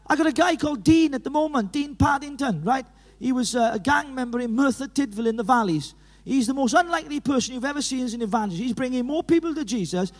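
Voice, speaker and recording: A middle-aged man with a Welsh accent from Llanelli, preaching an animated evangelistic sermon in a church hall, full of stories and urgent calls. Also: extremely high pitch, fast. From Wales. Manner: animated, storytelling with laughs, rising to urgent calls. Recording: reverberant hall.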